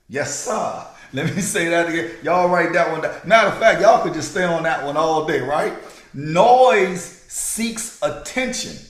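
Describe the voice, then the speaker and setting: Emphatic man preaching in an echoey room. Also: on the high side. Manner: preachy, emphatic, repeats key lines, laughs often. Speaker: podcast host. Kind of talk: motivational podcast talk.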